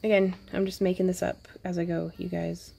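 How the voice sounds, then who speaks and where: A woman talks through a wire-wrapping tutorial in a low, gravelly, mellow voice. She thinks aloud as she works, dropping playful little sound effects and soft asides. Faint music plays underneath. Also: level tone, fairly quick. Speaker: jewelry-making tutorial host. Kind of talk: casual crafting tutorial narration.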